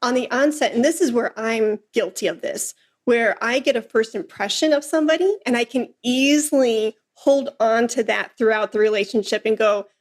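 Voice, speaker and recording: Lively woman podcast host, slightly high. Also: normal speed. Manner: lively storyteller who acts out quoted lines. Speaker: podcast host and flute teacher. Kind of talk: casual interview chat.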